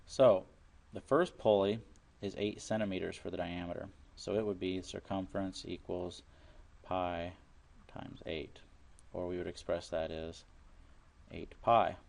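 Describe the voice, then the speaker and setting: Low-voiced male teacher walking through a math lesson, plain and patient, repeats key steps. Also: fairly even intonation, measured pace, gravelly, a little mellow. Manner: plain explanatory, repeats steps, works problems aloud.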